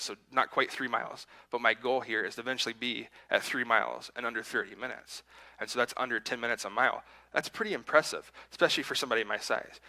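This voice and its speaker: A man's voice: medium pitch, pushed and bright, poor audio. A man preaching a sermon in a church, telling a personal story in a conversational, self-deprecating way and acting out his own inner voice. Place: church sanctuary.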